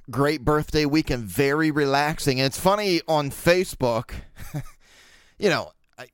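A Baltimore man in his thirties hosts a solo podcast, rambling through casual chat and crude jokes packed with fillers. His medium-pitched voice is clean, with no echo and clean studio sound.

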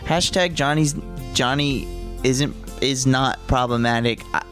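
A man co-hosting a podcast, talking casually in halting, restarting sentences. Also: mid-range voice, a bit bright, soft background music. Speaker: podcast co-host. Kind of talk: casual chat.

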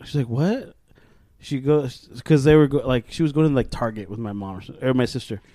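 A man's voice: medium pitch, a little fast, warm tone, no room sound. A young man co-hosting a casual podcast chat, telling a story with lots of swearing and laughter. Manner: laughing storyteller, acts out quotes, swears a lot. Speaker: podcast co-host.

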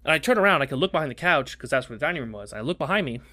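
Animated, profane man telling a story. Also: rapid-fire, no room sound. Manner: animated, profane, does squeaky quoted voices. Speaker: podcast co-host. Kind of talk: casual storytelling chat.

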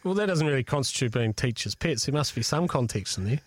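A man's voice: mid-range voice, lively intonation, fast talker, breathy edge, no room sound. Jovial male breakfast radio host. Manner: jovial, chatty.

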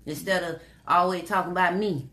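A woman's voice: lowish voice, steady tone, a little fast, pushed and bright. A woman co-hosting a casual talk show, teasing her partner and laughing often. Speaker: co-host. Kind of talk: casual chat.

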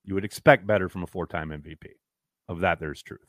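A man's voice: low voice, quick pace, a bit bright, dry recording, studio quality. A man hosting a podcast, reading out fan comments and answering them in a frank, downbeat, exasperated way, swearing freely. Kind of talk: casual live-stream chat.

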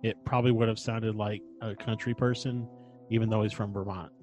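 A man's voice: lowish voice, little pitch movement, a little fast, a little mellow, faint music behind. Hesitant male podcast co-host. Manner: hesitant, many fillers. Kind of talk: casual chat.

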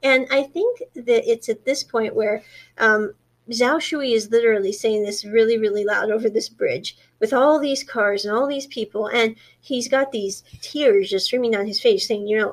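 Woman, slightly high voice, chatty drama recapper, quiet quoted lines. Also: moderate pace. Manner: chatty, animated storytelling, quiet quoted dialogue. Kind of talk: casual retelling of a drama plot.

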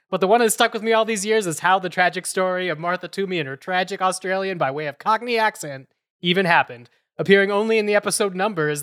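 A man's voice: high voice, bright, forceful tone, smooth. A man co-hosting a podcast, reading his debate opening in a wry, dramatic way. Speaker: podcast co-host.

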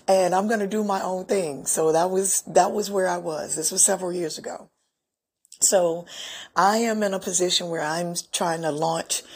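Middle-aged female host, husky and low-pitched, candid and emotional storyteller. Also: a little mellow. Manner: candid, emotional, laughs often. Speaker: podcast host. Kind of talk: personal storytelling monologue.

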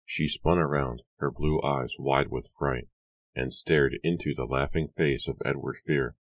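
A man narrating a horror audiobook in a hushed, suspenseful storytelling manner. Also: extremely low pitch, fairly even intonation, a little slow, no echo.

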